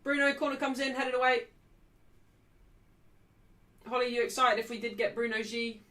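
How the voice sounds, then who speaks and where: Loud, excitable high-voiced woman. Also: moderate pace. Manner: excitable, shouting cheers at big moments; brash and jokey with the live chat. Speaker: livestream host. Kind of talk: football watchalong commentary.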